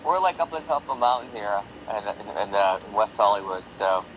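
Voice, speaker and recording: A man's voice: on the low side, lively intonation, fairly quick. A man joining a live stream by phone from a hike outdoors. He sounds casual and apologetic. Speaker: guest musician. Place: outdoors on a hill. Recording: phone outdoors with street noise.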